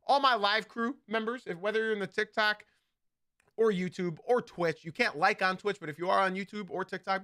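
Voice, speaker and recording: A man's voice: fairly high pitch, sharp tone, dry recording, clean studio sound. A man hosting a live basketball podcast, talking emphatically and repeating his key points. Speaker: podcast host.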